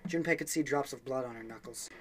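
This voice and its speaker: A man's voice: medium pitch, fast. A young man reading a game's story text aloud for a let's play, with offhand asides and small slips.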